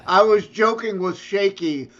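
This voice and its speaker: A man's voice: sits high, a little slow, a bit bright, highs cut off. A man co-hosting a podcast in casual chat, poking fun with teasing jokes. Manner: teasing, joking jabs. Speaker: podcast co-host.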